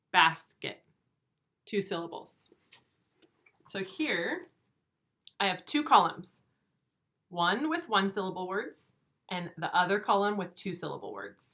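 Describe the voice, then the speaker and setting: A woman teaching first graders in a recorded video lesson, speaking slowly and clearly, stretching words out and asking patient, encouraging questions. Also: fairly low pitch, fairly bright tone. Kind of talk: remote video lesson for young children.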